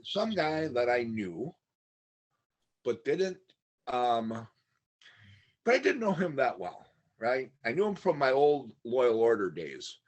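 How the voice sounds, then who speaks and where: A man's voice: medium pitch, sing-song, slow pace, pauses often, highs cut off. A middle-aged man telling stories in a casual podcast chat, rambling, laughing often and acting out what others said. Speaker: podcast guest.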